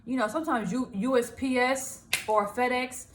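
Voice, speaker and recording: High-voiced woman vlogger, animated and laughing. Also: normal speed, a little hiss or hum. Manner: animated, laughing, acts out her own inner voice. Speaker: small business owner and vlogger. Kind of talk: casual self-help talk to camera.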